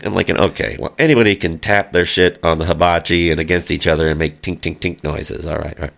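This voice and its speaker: A man's voice: deep voice, normal speed, vocal fry, fairly bright tone. A middle-aged man telling a long, rambling story in casual chat, with lots of fillers and spoken sound effects.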